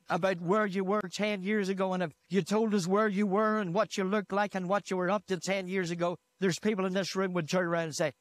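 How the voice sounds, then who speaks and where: High-voiced pastor preaching from a church stage. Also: male voice, no echo. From Northern Ireland. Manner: retells a story with repeated "he said", rising to fervent emphasis. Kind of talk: sermon. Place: church hall. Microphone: handheld microphone.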